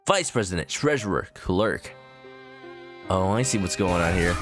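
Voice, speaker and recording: A man's voice: medium pitch, wildly swooping pitch, normal speed, a bit bright, faint music behind. A young man casually commenting on a game as he streams it, joking as he goes. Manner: playful, jokey.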